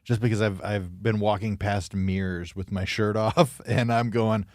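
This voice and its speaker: A man co-hosting a comedy podcast, chatting in a laid-back, deadpan, jokey way. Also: lowish voice, a little slow, no room sound, studio quality. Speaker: podcast co-host. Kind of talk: casual comedy podcast chat.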